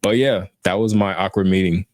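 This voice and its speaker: A man in his thirties telling a story casually on a podcast, animated and self-mocking, laughing as he goes. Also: deep voice, a little fast, no room sound, studio quality. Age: 30s. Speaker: podcast host.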